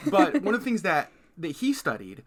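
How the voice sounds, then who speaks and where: A man co-hosting a podcast, telling animated, self-mocking stories in casual chat. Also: high-pitched, normal speed. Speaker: podcast co-host.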